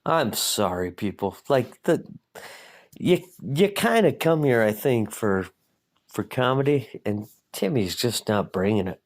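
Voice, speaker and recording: Man, podcast host, rambling solo rant, lots of swearing, self-mocking, unhurried, lively pitch. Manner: profane, self-deprecating ranting. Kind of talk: casual rambling monologue.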